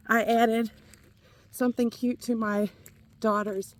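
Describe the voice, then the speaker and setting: A woman's voice: mid-range voice, takes it slowly, pauses often, slight background noise. A middle-aged woman with a Kentucky accent, out of breath as she chats casually with viewers while walking laps outdoors. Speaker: vlogger. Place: outdoors, walking around a neighborhood.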